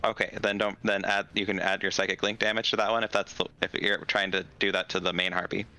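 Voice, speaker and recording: A man's voice: sits low, level tone, quick pace, pushed and bright, clean tone. A man running a tabletop game as dungeon master, patiently explaining rules step by step.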